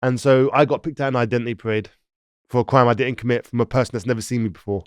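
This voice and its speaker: A man's voice: mid-range voice, fast talker, clean tone, no echo. London man telling his story, dry sound. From London, England. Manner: animated, acts out other people's lines. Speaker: interview guest. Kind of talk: storytelling in an interview.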